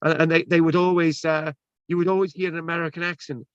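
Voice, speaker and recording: A man talks casually on a video call, restarting his sentences and filling gaps with ums. His voice sits a little high, and the sound is close and dry. The audio is dull and lo-fi. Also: little pitch movement, fast, clear, resonant tone, no room sound. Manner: rambling, many restarts and fillers. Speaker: presenter. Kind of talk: casual chat.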